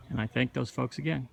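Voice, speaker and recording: A man filming himself on a mountain trail, chatting with people and narrating between breaths after a climb. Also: medium pitch. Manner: friendly, chatty interviewer. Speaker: hiker filming a trail vlog. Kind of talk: casual vlog narration and chat. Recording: outdoor noise behind.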